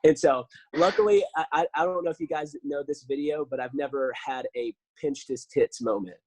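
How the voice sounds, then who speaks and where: Husky, animated man telling stories. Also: fairly high pitch, moderate pace, no echo, low-quality recording. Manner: animated storyteller, lots of fillers. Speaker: podcast guest. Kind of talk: casual podcast chat.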